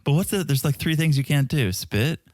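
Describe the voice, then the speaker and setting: A man's voice: a little high, expressive, a little fast, darkish tone, no room sound, studio quality. A man co-hosting a casual podcast, joking and teasing with lots of laughter. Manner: jokey, teasing, laughs often. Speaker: podcast co-host.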